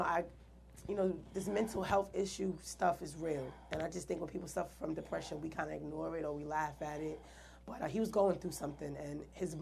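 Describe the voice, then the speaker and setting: A woman's voice: low voice, vocal fry, a little mellow, a little hiss or hum. A woman earnestly telling her own story in an interview, acting out the quoted dialogue with animation. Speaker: guest artist.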